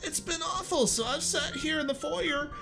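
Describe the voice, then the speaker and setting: A man voicing a frantic, tearful little male mushroom retainer who sobs and pleads in a high voice. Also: normal speed, creaky, over music, rough recording. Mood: weepy, panicked. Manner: high-pitched, sobbing and pleading. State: crying.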